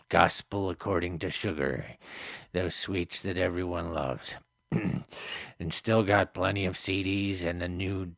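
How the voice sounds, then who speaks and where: A man's voice: deep voice, a bit bright, no room sound, clean studio sound, heavily acted. A man playing a rambling, stammering eccentric leaving a long voicemail in an improvised comedy bit. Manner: stammering, rambling, acts out the people at doors.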